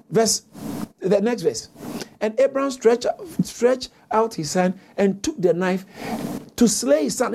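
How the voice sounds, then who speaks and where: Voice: medium pitch, animated, measured pace, a little mellow, slight background noise. A preacher delivering a sermon, reading scripture aloud, repeating key phrases for emphasis and calling on the congregation to answer. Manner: reads scripture aloud with frequent self-corrections.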